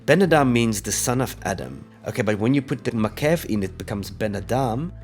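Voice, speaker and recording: A man teaching an online language lesson, patiently explaining and slowly repeating example words. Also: mid-range voice, animated, soft background music. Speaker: Hebrew teacher.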